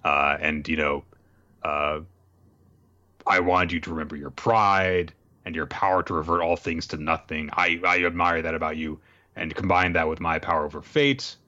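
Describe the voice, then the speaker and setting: Chatty guy on a podcast going over a comic, laughs a lot, low-fi audio. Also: flat delivery, normal speed, pushed and bright. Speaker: podcast co-host. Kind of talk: casual chat recapping a comic. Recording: dull lo-fi recording.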